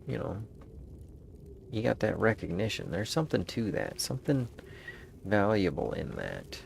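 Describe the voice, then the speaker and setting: A man's voice: lowish voice, gravelly, darkish tone, slight background noise. A man musing aloud in a meandering, casual monologue, restarting his sentences as he thinks.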